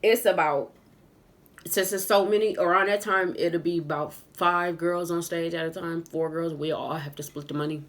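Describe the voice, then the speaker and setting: A woman telling a casual storytime vlog story as she does her makeup at home. She is animated and laughs often. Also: on the low side, normal speed. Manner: animated, laughs often, says "y'all" a lot. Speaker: vlogger. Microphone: camera on a tripod.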